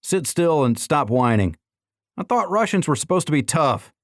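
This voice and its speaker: A man's voice: on the low side, very animated, a little fast, dark tone, no echo, clean studio sound. An audiobook narrator voicing a no-nonsense woman who runs a clinic, matter-of-fact and scolding. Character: brisk no-nonsense female clinic medic.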